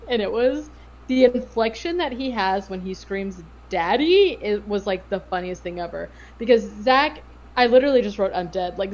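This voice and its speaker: A woman co-hosting a podcast, recapping a show in casual chat with profane, sarcastic, animated retelling. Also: mid-range voice, dull audio. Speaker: podcast co-host.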